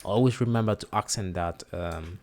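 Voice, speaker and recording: A man's voice: low-pitched, moderate pace, a little mellow. A man whose first language is Spanish teaches a casual lesson, hesitating and repeating words to model pronunciation.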